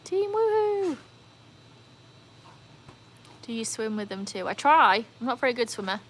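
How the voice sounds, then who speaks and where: A young British woman hosting a live stream, chatting casually with viewers and breaking into high cheering whoops. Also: fast talker, fairly bright tone, slight background noise. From United Kingdom. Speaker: livestream host.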